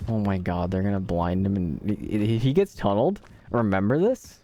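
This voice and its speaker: A man with a fairly low voice gives live commentary while streaming a game. His pitch swings widely as he jokes, and he slips into mock-dramatic pleading and laments aimed at the characters on screen. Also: lively intonation, normal speed, mellow, a little hiss or hum.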